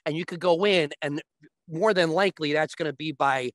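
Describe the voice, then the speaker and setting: A man as a guest on a talk show, explaining sports betting step by step and often checking with a quick "right?". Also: fairly high pitch, a bit bright, no echo.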